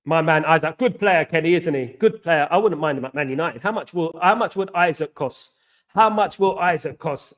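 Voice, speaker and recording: Reading viewer comments aloud and replying to them, this man from England keeps his live stream chat loose, animated and repetitive, packed with banter and slang shout-outs. His voice is slightly higher than the typical man's, and he speaks at a normal speed.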